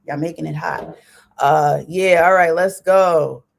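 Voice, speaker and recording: A woman hosts a casual livestream through her computer mic, talking straight to her viewers with plenty of fillers and restarts. Her voice is low with vocal fry, her tone steady, and her pace slow.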